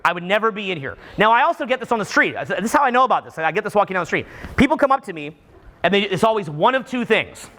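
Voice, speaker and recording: Animated, high, bright-voiced Canadian man. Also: quick pace. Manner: animated, acts out what people say, frequent restarts. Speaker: seminar speaker. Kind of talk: live seminar talk to an audience.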